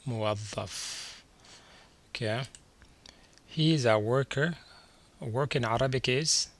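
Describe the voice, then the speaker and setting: A man's voice: medium pitch, pushed and bright. A man teaching a beginner language lesson over slides, patiently repeating each word and checking in with the learner. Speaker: Arabic teacher.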